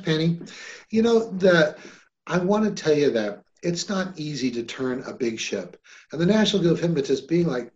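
A man hosts a casual podcast chat in an upbeat, chatty manner. His voice sits on the high side for a man. The sound is muffled and lo-fi. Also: a little mellow. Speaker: host and hypnosis trainer.

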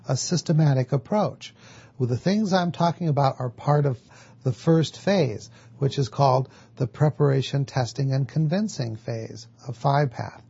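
Husky man teaching hypnosis technique. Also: a little high, warm tone, highs cut off. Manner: explanatory, asks and answers his own questions. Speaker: hypnotherapy instructor. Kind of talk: teaching lecture.

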